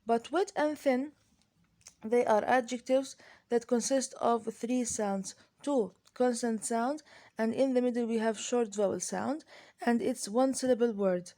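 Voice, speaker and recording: A woman with an Arabic accent walks through an English grammar lesson, her voice mellow and a little high. She speaks slowly and carefully, often pausing on fillers and restarting her sentences, and she slips into Arabic to explain the rules. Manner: slow, deliberate, hesitant with many fillers and restarts. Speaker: English teacher.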